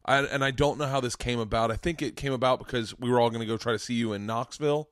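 A man's voice: medium pitch, steady tone, fairly bright tone, no room sound, studio quality. A man hosting a podcast, chatting loosely with plenty of swearing. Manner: loose and profane, quick to laugh. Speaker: podcast host. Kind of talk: casual podcast chat. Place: podcast studio.

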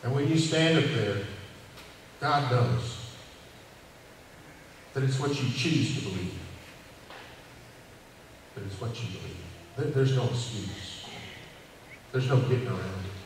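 This cowboy church preacher gives an informal sermon in a church hall, folksy and easygoing, repeating lines for emphasis. His medium-pitched voice moves slowly with frequent pauses, picked up by a distant mic in an echoey hall with faint ambience and noticeable background noise.

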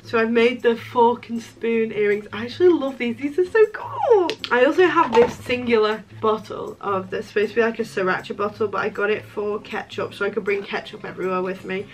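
A woman's voice: fairly high pitch, steady tone, a little fast, hardly any pauses, slight background noise, poor audio. A young woman talking casually in a crafting vlog, chatty and joking with self-mocking asides. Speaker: crafting vlogger.

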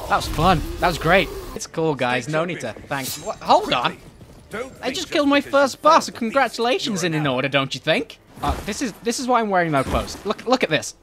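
A man giving joking, excitable commentary while playing a game, often shouting at enemies. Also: high voice, normal speed, music in the background. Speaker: gaming YouTuber. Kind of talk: comedic let's-play commentary.

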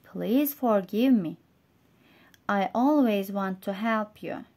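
A woman with a Turkish accent voicing a gentle male dolphin, king of the sea, read slowly like a storybook. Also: medium pitch. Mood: apologetic. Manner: slow, careful storybook reading.

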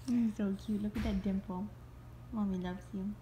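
A woman's voice: medium pitch, steady tone, moderate pace, dark tone, slight background noise. A woman at home talking to her baby in a casual vlog, cooing in sing-song baby talk. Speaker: mother and vlogger.

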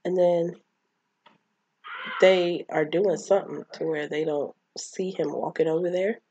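Woman, casual film recap, dark tone, dry close sound. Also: lowish voice, steady tone, unhurried, breathy edge, dry recording, highs cut off. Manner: chatty, acts out characters' lines. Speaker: movie recapper.

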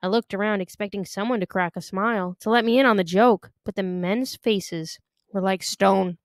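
A woman reading a novel aloud in an expressive, careful way. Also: medium pitch, normal speed, no echo, clean studio sound. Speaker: reader.

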